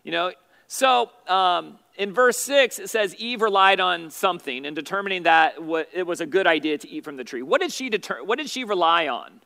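A man's voice: high-pitched, lively intonation, normal speed, gravelly, pushed and bright, clean tone. A man teaching a youth Bible study as its pastor, asking questions and calling on students by name. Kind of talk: interactive Bible study lesson.

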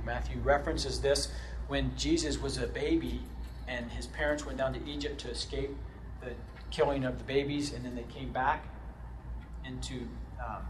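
A man teaching through a book of scripture, animated, often checking in with "right?" and moving between loud emphasis and quiet asides. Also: medium pitch, noisy background. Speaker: Bible teacher. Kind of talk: expository Bible teaching.

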